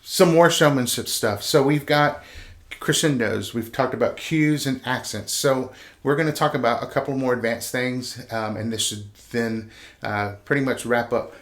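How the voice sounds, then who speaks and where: A man's voice: mid-range voice, moderate pace. A man teaching conducting cues and accents in a video lesson, counting beats aloud as he demonstrates the motions and talking casually. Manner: encouraging, casual teacher talk with fillers. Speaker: band director teaching conducting.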